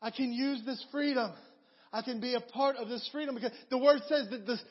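A man preaching a sermon as a pastor, telling stories with lively repetition and stammered restarts. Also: extremely high pitch, a little fast. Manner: animated storytelling with repeated phrases. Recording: dull recording in a reverberant hall.

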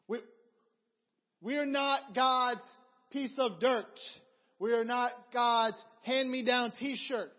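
High-voiced man preaching in a reverberant hall. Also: takes it slowly, pauses often. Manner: animated storytelling with repeated phrases. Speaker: pastor. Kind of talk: sermon. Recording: dull recording in a reverberant hall.

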